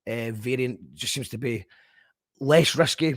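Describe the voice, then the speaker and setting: A man hosting a casual radio show, talking hesitantly with many pauses and restarts as he reads out listener messages and chats. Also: medium pitch, dry recording, clean studio sound.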